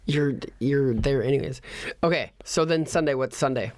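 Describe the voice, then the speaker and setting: A man's voice: medium pitch, moderate pace, darkish tone, no echo. A man hosting a podcast, chatting casually and playfully teasing his daughter. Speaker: podcast host.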